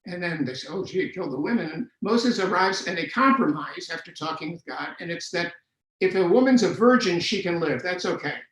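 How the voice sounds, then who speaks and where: A man's voice: high voice, lively intonation, normal speed, fairly bright tone. An older man lecturing on scripture in an explanatory way, slipping in dry jokes. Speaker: Bible scholar lecturer. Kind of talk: online lecture. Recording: roomy echo.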